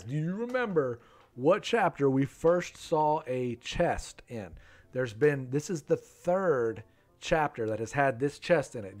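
A man's voice: mid-range voice, darkish tone. Chatty man streaming a live game. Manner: chatty, reads viewer names from chat.

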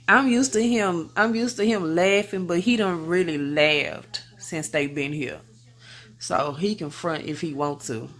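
A young woman vlogger chatting casually to her viewers, relaxed and slangy. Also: lowish voice, measured pace. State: out of breath at times. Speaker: family vlogger. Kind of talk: casual vlog chat to camera.

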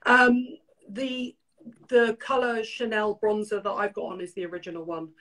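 A woman's voice: mid-range voice, little pitch movement, moderate pace, a bit bright, rough recording. An older British woman hosting a casual beauty chat, opinionated and chatty, telling stories full of quoted lines. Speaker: beauty show host.

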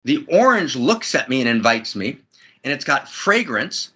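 A man's voice: medium pitch, very animated, moderate pace, bright, forceful tone, breathy edge. A man speaking as an interview guest in a spiritual conversation, effusive and building to soaring emphatic peaks, talking from a friend's house.

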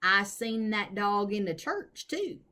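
A woman's voice: mid-range voice, big pitch swings, takes it slowly, bright, forceful tone, heavily acted. A woman voicing a wide-eyed five-year-old girl who talks in a blunt, earnest way, reading a storybook aloud.

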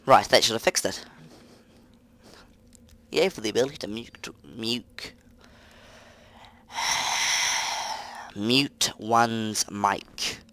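Excitable man playing a game. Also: medium pitch, drawn-out words, long pauses. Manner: excitable, muttering to himself between loud outbursts. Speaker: gaming commentator. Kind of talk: let's play commentary. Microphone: close desk mic.

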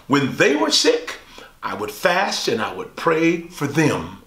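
A male pastor teaching a Bible study, swooping high on quoted lines and asking the listeners questions. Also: very animated, slow, a bit bright, roomy sound.

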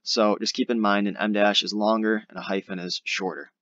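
Young male tutor, low voice, relaxed explainer, dry muffled mic. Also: brisk, no room sound. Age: young adult. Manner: casual, explanatory, uses fillers like "all right". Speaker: SAT tutor. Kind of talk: screen-recorded grammar lesson.

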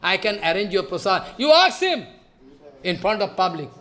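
A man lectures on devotion in a high voice. His tone is bright and sharp, and he presses his points with scolding rhetorical questions. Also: big pitch swings, moderate pace. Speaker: spiritual teacher.

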